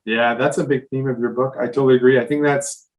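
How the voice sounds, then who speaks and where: A man's voice: medium pitch, steady tone, fast. A man hosting an interview, asking long enthusiastic rambling questions. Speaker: podcast host. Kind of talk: interview conversation. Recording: voice a bit distant from the mic.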